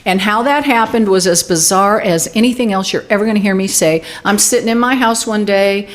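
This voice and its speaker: A woman's voice: mid-range voice, fairly quick. A woman in her sixties, a guest in an interview, telling a personal story with animation and acting out the quoted dialogue. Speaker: guest, UFO group director.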